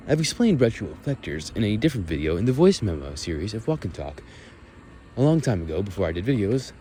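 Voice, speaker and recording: A young American man with a somewhat low voice rambles through a casual walking vlog, drifting between sarcastic asides and step-by-step explanations. He is outdoors with a phone mic, and faint traffic noise hums behind him. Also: darkish tone. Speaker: vlogger. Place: outdoors walking near a road.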